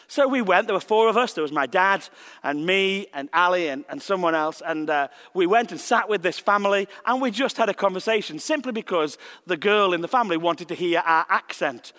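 A man, preaching as a visiting minister and telling a personal story in a gentle, reflective way with slow pauses. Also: sits high, expressive, in a large hall. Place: church sanctuary.

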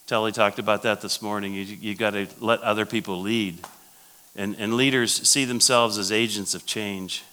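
Brief: male pastor at a conference, bright forceful tone, storytelling delivery that circles back to key phrases. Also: fairly low pitch, fairly even intonation, normal speed. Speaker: pastor speaking at a church conference. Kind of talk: sermon-style leadership talk.

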